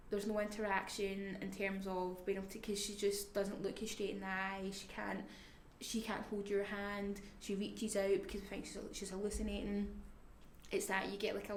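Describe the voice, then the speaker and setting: A woman, talking candidly in an interview about caring for a family member, speaking reflectively and haltingly, at times dropping to a near-whisper. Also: mid-range voice. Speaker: family carer. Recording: echoey room, faint background noise.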